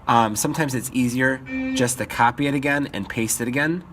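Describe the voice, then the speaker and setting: A man teaching a composing lesson in a relaxed way, with many ums and frequent "okay?" check-ins. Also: medium pitch, a little fast, a little hiss or hum. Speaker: music teacher. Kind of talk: screen-recorded composing tutorial.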